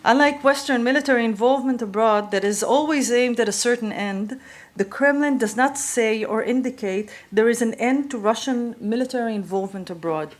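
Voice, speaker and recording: Measured woman giving a conference talk. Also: a little high. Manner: measured, reading from notes with occasional fillers. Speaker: conference speaker. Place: conference hall.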